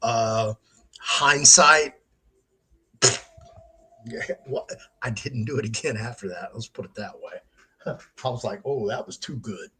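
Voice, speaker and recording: A man's voice: medium pitch, takes it slowly, long pauses, bright, forceful tone, breathy edge. A middle-aged man hosting his own show, telling a story in a casual monologue, laughing often and swearing freely. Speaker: show host.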